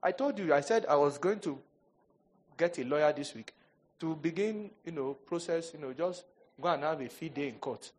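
A male pastor delivers a sermon in a fairly high voice at a moderate pace, with a slight hiss or hum in the recording. He's animated, telling funny stories, cracking jokes, and acting out quoted voices in mock fashion.

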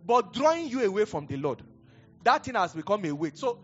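Fast and sing-song, the high voice of a middle-aged Nigerian-accented pastor carries a conversational, digressive sermon. He breaks off into stories with chuckles, over faint music in a dull lo-fi recording.

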